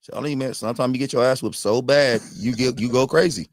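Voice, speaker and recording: A man's voice: mid-range voice, fast, no echo. A man co-hosting a livestream podcast in casual chat. He talks bluntly and emphatically, often repeating himself. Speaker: podcast co-host.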